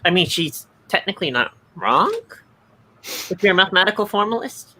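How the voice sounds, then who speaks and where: Bright, dry-voiced chat guest. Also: mid-range voice, expressive, brisk, a little hiss or hum. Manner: dry, matter-of-fact, pedantic. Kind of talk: casual group chat.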